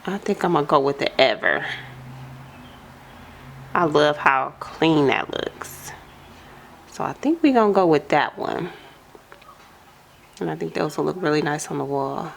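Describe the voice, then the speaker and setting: A young adult woman chatting casually in an unboxing vlog at home, gushing and excitable, calling her viewers y'all. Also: low voice, a little slow, vocal fry, pauses often, a little hiss or hum. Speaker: home decor vlogger. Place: home dining room.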